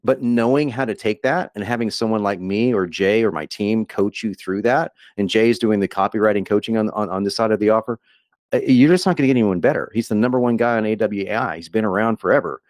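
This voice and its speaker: A man giving an enthusiastic, rambling sales pitch on a webinar as a guest copywriter, with frequent restarts and laughs. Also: quick pace, a little mellow, dry recording, studio quality.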